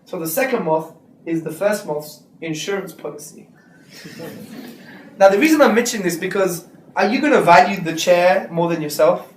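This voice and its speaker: Guy preaching to students, jokey and animated, slangy, echoey hall, mic a bit far off. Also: high-pitched, moderate pace, slight background noise. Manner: animated, joking, street slang. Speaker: Islamic speaker. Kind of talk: lecture to students. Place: lecture hall.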